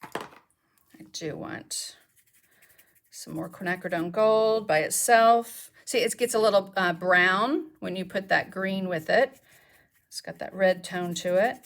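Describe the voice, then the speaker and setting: A woman with a gravelly, mid-range voice speaks at a slow pace. As a craft instructor, she casually demonstrates mixed media art live and answers questions from her viewers.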